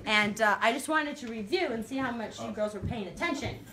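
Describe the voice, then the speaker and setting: Bubbly high-voiced woman hosting a noisy live chat. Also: a little fast. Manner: bubbly, laughing, chatty. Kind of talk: casual live stream chat. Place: noisy party room with a crowd. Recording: loud crowd and noise behind.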